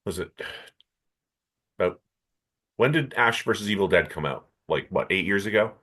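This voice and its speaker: A man co-hosting a comics podcast, telling anecdotes in a relaxed, casual way. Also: deep voice, moderate pace. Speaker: podcast co-host. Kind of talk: casual chat, storytelling.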